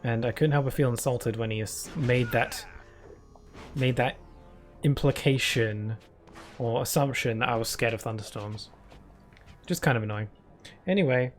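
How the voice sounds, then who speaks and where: A man's voice: medium pitch, normal speed, long pauses, soft background music. A man streaming live, chatting casually through rambling stories full of fillers. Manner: rambling anecdotes with many fillers.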